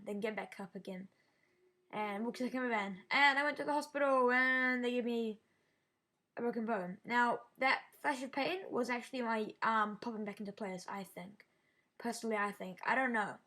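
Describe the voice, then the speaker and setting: A woman vlogging a personal story in a halting way, often restarting her sentences and sounding shaken. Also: on the high side, a bit bright. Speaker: YouTuber. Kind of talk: casual storytelling vlog.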